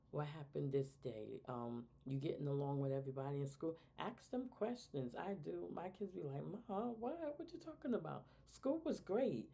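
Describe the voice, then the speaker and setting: A middle-aged woman talks casually as a show co-host, giving advice on parenting. Her voice sits low and mellow with a gravelly edge. She animates her points by slipping into quoted voices of other people. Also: slight background noise. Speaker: podcast co-host.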